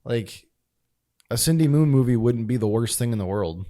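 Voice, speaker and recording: A man's voice: medium pitch, animated, moderate pace, warm tone. A man co-hosting a film podcast, talking casually and opinionatedly, swearing and laughing now and then. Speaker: podcast co-host. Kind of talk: casual chat.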